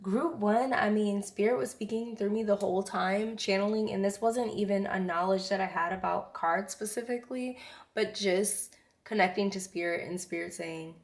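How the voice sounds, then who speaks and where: A woman giving a casual spiritual tarot reading, earnest and effusive, chatting with soft whispered asides. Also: mid-range voice, normal speed. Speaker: tarot reader.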